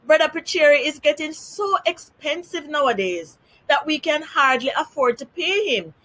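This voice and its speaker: During a storybook reading, a woman voices an impatient male parrot that sounds fretful and pressing. She pitches her voice high, above her natural range, with lively intonation, a moderate pace and a slightly bright tone.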